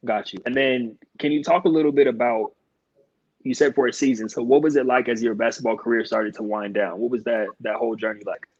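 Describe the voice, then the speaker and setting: A man's voice: mid-range voice, steady tone, a little fast, darkish tone, breathy edge, no echo, highs cut off. A male podcast host interviewing a guest over a video call, affirming and thoughtful. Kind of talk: casual interview.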